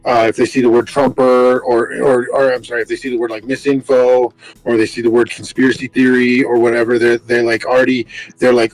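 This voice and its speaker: A man's voice: medium pitch, little pitch movement, fairly quick, no echo, soft background music, poor audio. A man co-hosting a podcast in casual chat, rambling with many fillers. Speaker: podcast co-host.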